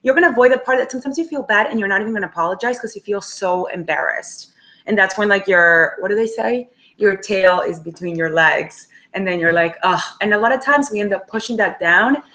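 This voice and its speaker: A woman's voice: mid-range voice, a little fast, pushed and bright. A young adult woman, a career coach, teaching a webinar in a casual, direct way and acting out inner thoughts.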